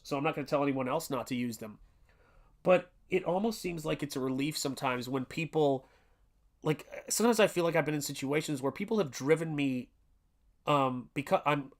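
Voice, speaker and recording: A man in his forties hosting a casual art livestream, talking earnestly and rambling with many restarts and fillers. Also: fairly high pitch. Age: 40s. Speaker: artist livestream host.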